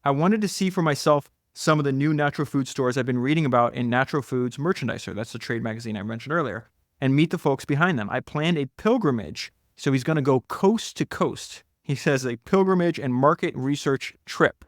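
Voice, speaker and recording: A man hosting a solo podcast, talking enthusiastically through book passages with frequent laughs and quick asides. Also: medium pitch, lively intonation, dry recording, studio quality. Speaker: podcast host.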